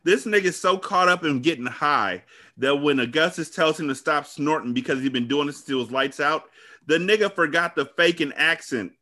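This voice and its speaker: Animated podcast dude, cussing and laughing, bright voice. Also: male voice, fairly high pitch, moderate pace. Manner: animated, profane, laughs often. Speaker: podcast co-host. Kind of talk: casual TV recap chat.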